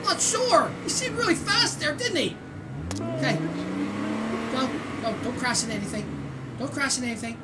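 A woman from Canada hosting a gaming channel, giving excitable let's-play commentary with squeals, shouts and laughter. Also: high voice, normal speed, long pauses. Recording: distant mic with loud game noise.

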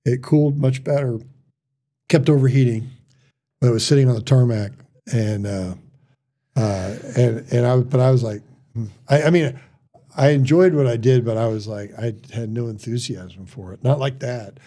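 A middle-aged man, a surgeon, telling stories in casual chat, halting with restarts and quoted dialogue. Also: medium pitch, dark tone. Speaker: surgeon guest.

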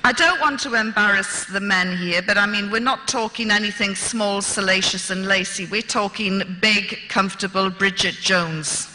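Woman, bright and sharp tone, wry storyteller at a lecture, long hall echo. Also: mid-range voice, normal speed, few pauses, slight background noise. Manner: dry humorous storytelling. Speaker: speaker.

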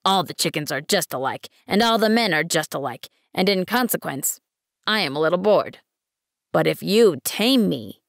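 Woman voicing a wise, gravelly fox. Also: on the low side, no echo, clean studio sound. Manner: earnest, measured and pleading. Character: wise, patient male fox. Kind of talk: audiobook reading.

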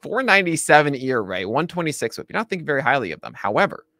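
A man co-hosting a casual baseball chat show, animated, laughing often and restarting his sentences. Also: fairly high pitch, very fast, no echo. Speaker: podcast co-host.

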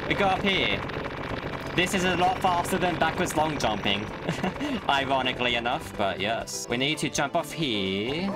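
This young man's voice runs on the high side at a moderate pace, set against game music. A gaming YouTuber, he jokes excitedly while playing, chatting with his viewers and talking back to the game.

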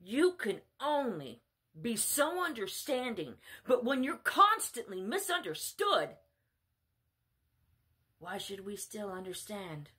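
A woman's voice: medium pitch, big pitch swings, takes it slowly, bright, forceful tone, slightly rough. A woman delivering a blunt, scolding sermon monologue. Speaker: self-styled spiritual mother preaching.

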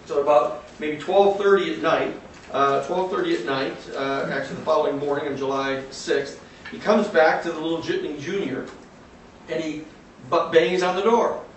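A man tells a long story to a class, full of fillers, restarts and vivid detail. His voice sits a little high. He is recorded from a distance in a very echoey room with a faint hiss underneath. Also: normal speed. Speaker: lecturer. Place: classroom or lecture hall.

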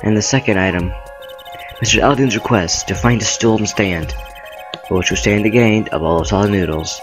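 Young dude reading a game's text out loud, hams it up, kinda low voice, faint music under. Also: male voice, normal speed. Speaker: let's play host. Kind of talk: reading game dialogue aloud with commentary.

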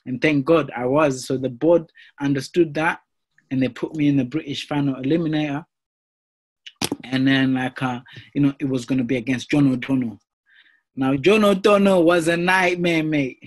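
A young professional boxer tells the story of his career in a casual interview, animated and filling his speech with "you know" and "mate." His voice is medium-pitched and his pace normal.

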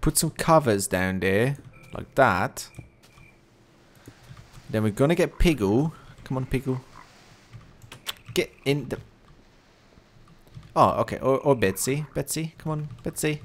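A man's voice: medium pitch, lively intonation, slow, pauses often, slight background noise. A young man commentating his own gameplay, chatty and coaxing animals along, growing easily exasperated. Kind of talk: let's play commentary.

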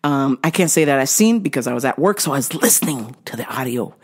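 A woman's voice: extremely low pitch, fast talker, breathy edge. A woman hosting her own show, ranting casually and comically with lots of swearing and frequent laughter. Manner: profane, animated, laughs often. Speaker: host. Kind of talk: casual comedic rant.

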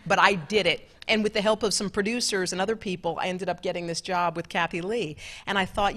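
A middle-aged woman, a television co-anchor, telling stories to an event audience in a lively, laughing, chatty way. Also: medium pitch, fast talker, few pauses. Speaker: television co-anchor giving a talk. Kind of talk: storytelling talk with audience Q&A. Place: large club event room.

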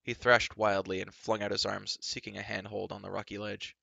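Male storybook reader, low gravelly voice, dramatic read. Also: completely flat delivery, moderate pace, sharp tone, no room sound. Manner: dramatic narration. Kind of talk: live storybook reading.

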